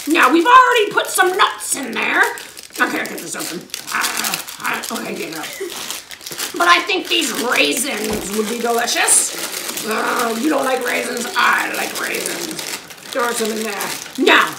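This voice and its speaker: A woman's voice: fairly high pitch, vocal fry. A woman teacher chatting playfully with her helpers as she shows how to mix a snack. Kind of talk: casual demonstration. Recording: echoey room, mic far off, noisy.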